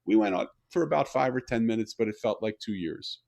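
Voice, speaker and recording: An older man telling a personal story in a conversational interview, animated and repeating words as he builds his point. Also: on the low side, brisk, vocal fry. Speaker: guest, author and CEO.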